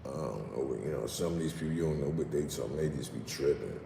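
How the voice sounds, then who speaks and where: A New York livestream host with a New York accent and a gravelly, dark bass voice chats casually in loose street slang, reading viewer comments aloud. He talks animatedly at a quick pace, outdoors in the city as rain starts. The recording has a roomy echo with long reverb and faint background noise.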